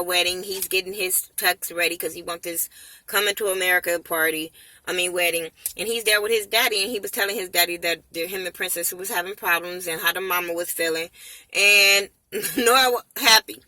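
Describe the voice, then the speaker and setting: Blunt, foul-mouthed woman with a bright voice. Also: medium pitch, no echo, rough recording. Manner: blunt, profane, animated. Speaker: TV show reviewer. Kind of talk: casual ranting commentary.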